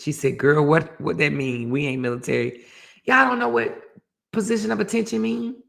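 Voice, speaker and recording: A woman hosting a casual chat show, telling a story with animated energy and reading out viewer comments. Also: sits low, fairly quick, vocal fry. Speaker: host.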